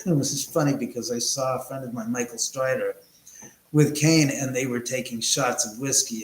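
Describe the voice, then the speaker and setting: A man's voice: medium pitch, a little hiss or hum. Rambling man hosting a livestream. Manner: rambling, self-correcting storyteller. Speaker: livestream host. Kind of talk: casual livestream chat. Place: house, indoors. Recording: echoey room.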